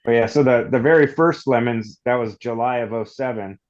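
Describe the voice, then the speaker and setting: A man from Northern California, a podcast guest, telling long rambling stories in a casual, animated way. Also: mid-range voice, fairly quick, lo-fi sound. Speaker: podcast guest, off-road shop owner. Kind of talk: casual storytelling.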